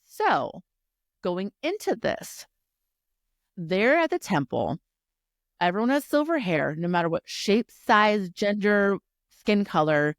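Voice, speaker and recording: A woman co-hosting a casual book-club podcast, recapping the plot in animated, profane storytelling. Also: mid-range voice, takes it slowly, long pauses, no room sound, clean studio sound. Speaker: podcast co-host.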